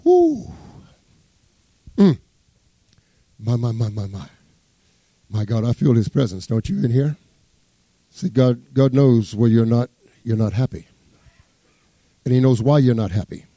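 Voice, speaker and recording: A man preaching a sermon as pastor, fervent, swinging between loud exclamations and hushed asides as he reads scripture. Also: mid-range voice, sing-song, measured pace, pauses often, no room sound. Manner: exclaims praise words, reads scripture aloud.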